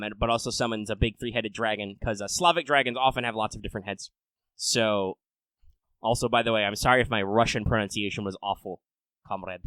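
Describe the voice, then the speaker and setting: A man hosting a casual podcast, rambling and swearing, swinging between loud rants and low mutters. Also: clear, resonant tone, no room sound, poor audio. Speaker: podcast host.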